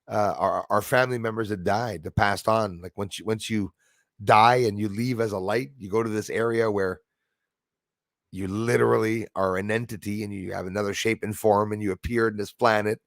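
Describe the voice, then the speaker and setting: A man's voice: fairly low pitch, fairly even intonation, normal speed, creaky, dry recording, studio quality. A man hosting a live stream, chatting casually, laughing easily and thanking viewers by name. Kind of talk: casual chat reading viewer comments.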